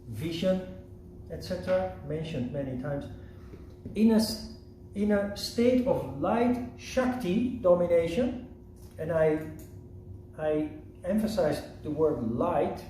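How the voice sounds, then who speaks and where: A man teaching a yoga lesson in a slow, measured, reflective way. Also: sits high, dark tone, a little hiss or hum. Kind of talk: lecture. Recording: roomy echo from a distant mic.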